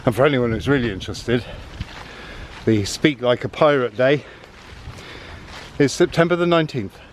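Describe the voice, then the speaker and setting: A nature vlogger walks a woodland path outdoors, filming as he goes and rambling a bit in easygoing walking commentary. His voice sits at a medium pitch and moves at a normal speed, with slight background noise.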